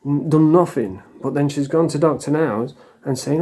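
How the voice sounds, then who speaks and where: A man's voice: a little high, moderate pace, mellow, breathy edge. A middle-aged man from England, talking casually and bluntly to camera, rambling and swearing freely. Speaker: vlogger.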